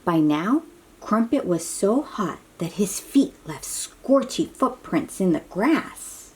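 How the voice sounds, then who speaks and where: A woman reads a storybook aloud for small children, taking her time over each line. Her voice swoops up and down with lively, exclamatory expression, and she keeps breaking off to chat warmly with her young listeners. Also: mid-range voice, slow pace. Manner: animated, exclamatory, chatty asides to young listeners. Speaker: children's book reader.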